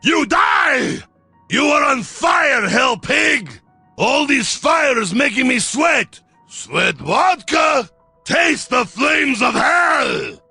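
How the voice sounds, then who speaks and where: An actor playing a boisterous, vodka-loving Russian soldier in a video game, with a Russian accent and a husky, gravelly voice, boasting gleefully. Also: male voice, very high-pitched, expressive, extremely slow, bright, forceful tone, no room sound, raised voice, soft background music, exaggerated voice.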